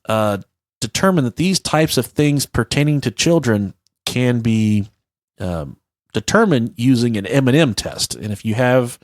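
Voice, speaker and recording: A man in his thirties tells stories as a podcast co-host, loose and rambling, with plenty of swearing. His mid-pitched voice sounds close and dry. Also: no room sound. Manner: profane, rambling storytelling. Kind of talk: casual podcast chat.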